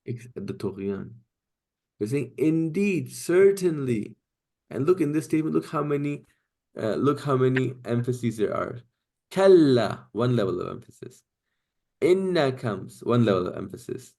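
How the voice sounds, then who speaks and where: A man's voice: mid-range voice, animated, normal speed, creaky, a little mellow. A man teaching an online class, explaining step by step and often checking in with "right?" and "okay?". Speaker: Quranic Arabic teacher.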